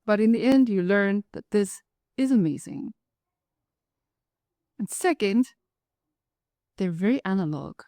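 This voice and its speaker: A woman from Africa, telling a personal story in a wry, lively way. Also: medium pitch, unhurried, long pauses, no echo, clean studio sound. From South Africa. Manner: lively, wry, acts out the people in her stories. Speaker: author and storyteller.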